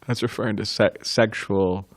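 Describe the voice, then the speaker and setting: A man giving a devotional class, recounting a memory with frequent chuckles and halting restarts. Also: on the low side, steady tone, no room sound, clean studio sound. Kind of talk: reminiscing in a scripture class.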